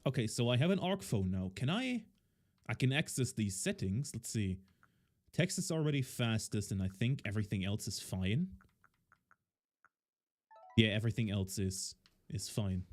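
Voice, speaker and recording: A man's voice: on the low side, lively intonation, normal speed, long pauses. Man rambling through a game stream. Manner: rambling and thinking aloud, many fillers. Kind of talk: casual gameplay commentary.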